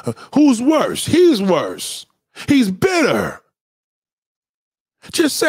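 Guy going off on a livestream, high voice, swings all over, cussing and scolding. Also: wildly swooping pitch, very slow, pauses often, slightly rough, no room sound, clean studio sound. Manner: heated, profane, lecturing. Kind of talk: profane livestream rant.

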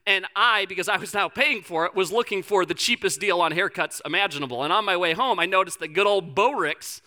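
Lively high-voiced young preacher man. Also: a little fast. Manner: lively storytelling with humor and quoted voices. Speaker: pastor. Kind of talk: sermon.

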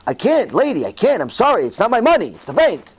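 Curt bank teller, irritated, exasperated, a man doing it, fairly high voice. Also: wildly swooping pitch, quick pace, breathy edge, full character voice. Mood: curt refusal. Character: irritated male bank teller refusing money.

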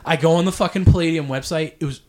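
A man's voice: a little high, fast talker, darkish tone. A man telling a rambling, profanity-heavy story in casual podcast chat, apologizing for ranting.

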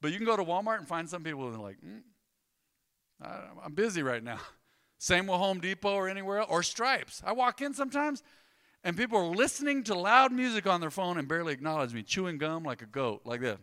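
A man, a pastor preaching a sermon in a conversational, joking way with animated storytelling. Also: sits high, fast, smooth, long reverb tail.

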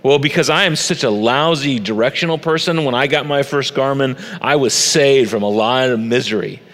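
A man's voice: medium pitch, normal speed, a bit bright, big-room sound. A middle-aged male pastor preaching a sermon on a church stage, conversational and personal, into a stage microphone.

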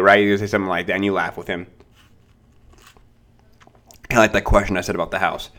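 A man's voice: low voice, steady tone, a little fast, long pauses, fairly bright tone. A young adult man hosting a casual sales-training podcast, talking loosely and acting out short exchanges with clients. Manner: loose, conversational, acts out short client dialogues.

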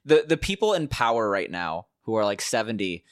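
A man's voice: on the low side, big pitch swings, brisk, no echo, clean studio sound. A young American man in casual chat, filling his talk with "like" and other fillers. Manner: heavy use of "like", casual filler-laden talk.

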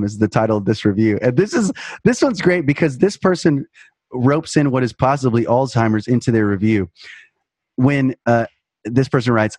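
A man's voice: medium pitch, lively intonation, moderate pace, darkish tone, no echo. A man hosting a casual comedic podcast, reading reviews aloud with mock gravity and a wry manner. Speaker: podcast host.

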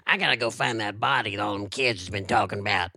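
Man doing a rural possum guy, deadpan drawl, comedy podcast, close dry mic. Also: lowish voice, fast, dry recording, full character voice. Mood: folksy. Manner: folksy drawl, deadpan rambling. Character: folksy rural male possum character, Mister Possum. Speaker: co-host. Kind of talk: comedy podcast character banter.

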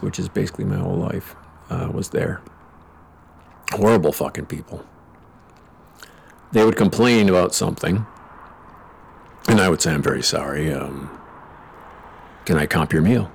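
A man's voice: deep voice, normal speed, vocal fry, pauses often, darkish tone, breathy edge. A middle-aged man hosting a podcast, telling stories in a rambling, profane, sarcastic way full of asides. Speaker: podcast host. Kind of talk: casual storytelling monologue.

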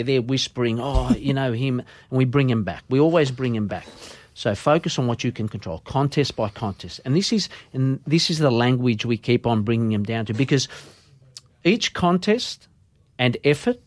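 A man's voice: mid-range voice, dry recording. A man with an Australian accent, a junior football coach speaking emphatically and motivationally in a casual radio interview.

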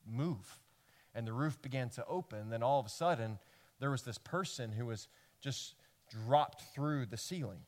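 A man preaching a sermon to his congregation as pastor, telling the stories in a lively way that swings from loud emphasis to hushed lines. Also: medium pitch. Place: church service before a congregation.

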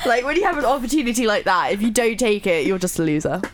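A woman's voice: medium pitch, expressive, quick pace, music in the background. A young woman in her twenties co-hosting a casual student radio show, cheeky and wry. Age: young adult. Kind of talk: casual chat.

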